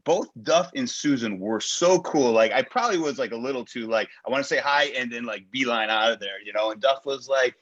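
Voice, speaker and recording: A man telling a long excited story in casual podcast chat, rambling with many fillers and poking fun at himself. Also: mid-range voice, a little fast, few pauses. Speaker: guest caller. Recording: dull lo-fi sound.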